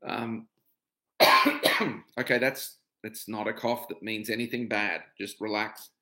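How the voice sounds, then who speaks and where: Speaking from home, a middle-aged Australian man hosts a casual livestream, chatting with viewers and greeting them by name before turning to a reflective, open talk about his own experiences. His voice is lowish and bright, with a steady, forceful tone and a slow pace.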